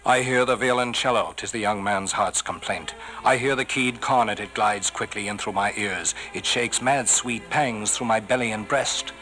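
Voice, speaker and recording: A man giving a theatrical poetry recitation, swelling on some phrases and dropping to a hushed whisper on refrains. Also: lowish voice, moderate pace, few pauses, faint music behind, low-quality recording. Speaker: poetry reader.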